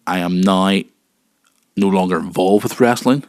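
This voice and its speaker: Male podcast host, home mic, emphatic and repetitive, low-ish voice, dry. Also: a little slow, no echo. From United Kingdom. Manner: earnest and emphatic, repeats himself, gets excited. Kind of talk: solo wrestling podcast talk.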